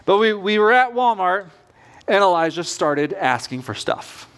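Man, pastor, earnest conversational sermon, high voice, middle-aged. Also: big pitch swings, measured pace, fairly bright tone, clean tone.

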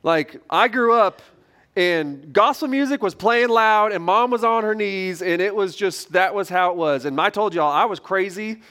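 A middle-aged male pastor preaching a sermon from a church stage, telling stories in a conversational way that swings between loud and quiet. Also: high voice, moderate pace. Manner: conversational storytelling with lively shifts in loudness.

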